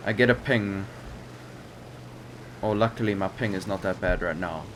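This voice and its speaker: With a low-pitched voice at normal speed, a young man narrates his flight game footage for his gaming channel. The commentary is hesitant and rambling, filled with fillers, and game sounds run underneath.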